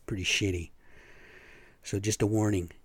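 A man rambles through his own podcast in a loose, foul-mouthed monologue, blunt and full of fillers. His voice sits a little low and sounds dry and close on the podcast microphone. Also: fairly even intonation, normal speed, slightly rough, dry recording. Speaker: podcast host.

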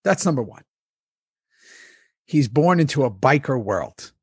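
Husky guy swearing, retelling a plot all worked up. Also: mid-range voice, a little slow, no echo, studio quality. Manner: excitable storytelling, swears freely, laughs often. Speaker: podcast co-host, former cast member. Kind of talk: casual rewatch chat.

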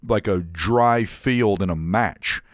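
A young man telling stories on a podcast, swearing freely and animated. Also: on the low side, takes it slowly, no room sound, clean studio sound. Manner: profane, animated storyteller. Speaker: podcast host. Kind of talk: casual podcast chat. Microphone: studio mic.

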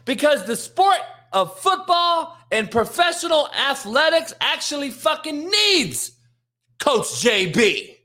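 A male show host delivering an angry, profane rant about sports, often yelling and swearing heavily. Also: extremely high pitch, big pitch swings, slow.

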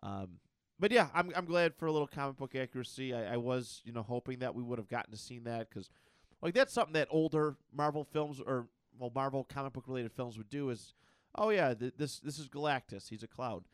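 A man's voice: medium pitch, brisk, smooth, dry recording. Man musing about comics, dry sound. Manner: thoughtful, stumbling restarts. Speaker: podcast co-host. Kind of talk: casual comic book chat.

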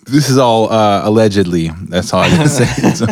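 Canadian man, very deep voice, hesitant rambling guest, dry sound. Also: expressive, moderate pace, no echo. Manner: rambling, hesitant, self-correcting. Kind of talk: casual podcast chat.

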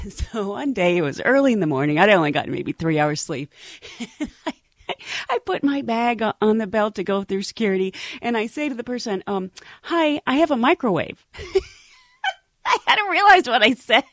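Woman, podcast host, animated, laughs a lot, lively pitch, dry sound. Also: normal speed, no echo. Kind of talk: casual storytelling.

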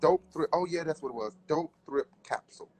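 A man's voice: on the high side, a little fast, darkish tone. A man hosting a casual livestream chat, talking in a playful back-and-forth with his guest. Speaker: host.

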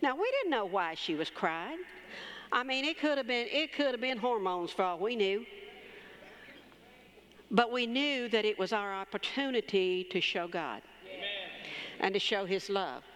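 A woman's voice: mid-range voice, expressive, moderate pace, pauses often, a bit bright. A woman, a pastor's wife, preaching in a church, telling a personal story in a conversational way and calling for amens. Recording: reverberant church hall.

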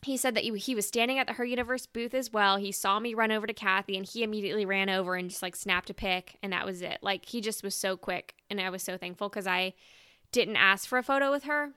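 A woman in her twenties co-hosting a podcast, telling stories in an animated, emotional way with lots of "like". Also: medium pitch, fast, clear, resonant tone, dry recording, studio quality. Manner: animated, emotional storytelling full of "like". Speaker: podcast co-host. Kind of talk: casual chat.

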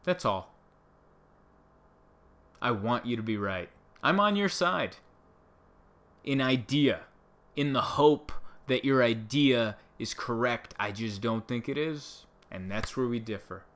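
A man's voice: medium pitch, expressive, takes it slowly, pauses often, fairly bright tone. A man who works as a stand-up comedian, talking to camera in a casual, sarcastic, rambling monologue.

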